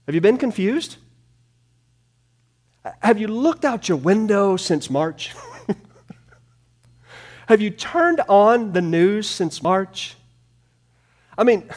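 Male pastor preaching, animated and a touch high, quick to drop to a hush or build to a shout. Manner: animated preaching, swinging from hushed to loud. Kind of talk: sermon. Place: room with a small in-person congregation.

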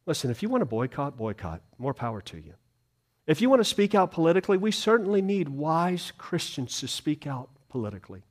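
A middle-aged male pastor preaching a sermon earnestly, moving between loud emphasis and hushed grief and asking the congregation questions. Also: on the high side. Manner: asks the congregation rhetorical questions.

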